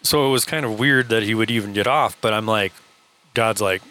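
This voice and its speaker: A man's voice: lowish voice, brisk, pushed and bright. A man co-hosting a podcast and retelling a story in casual talk, full of quoted dialogue. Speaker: podcast co-host, truck driver.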